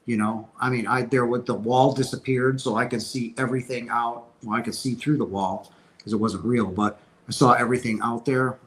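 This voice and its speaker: Hosting a laid-back livestream, this man answers questions from viewers about spiritual matters, sounding earnest and emphatic while frequently starting his sentences over. His mid-range voice is fairly bright and steady, delivered at a moderate pace. The audio quality is poor.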